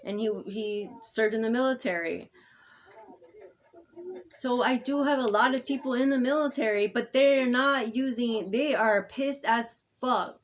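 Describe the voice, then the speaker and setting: A woman talking to camera in an unscripted personal monologue, halting and rambling with many fillers and restarts, moving between soft murmuring and loud insistence. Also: on the high side. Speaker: vlogger speaking to camera.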